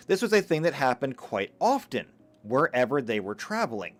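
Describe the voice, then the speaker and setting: A man's voice: medium pitch, moderate pace, hardly any pauses, faint music behind. A man giving a live lecture, talking emphatically and stumbling over a few restarts. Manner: animated, emphatic, with occasional stammered restarts. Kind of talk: live lecture reading chat comments.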